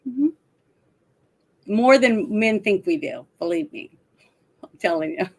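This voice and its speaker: A woman's voice: medium pitch, lively intonation, unhurried, husky. A woman co-hosting a casual talk show, retelling film scenes with lots of laughter. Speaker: podcast co-host. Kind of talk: casual chat about a film.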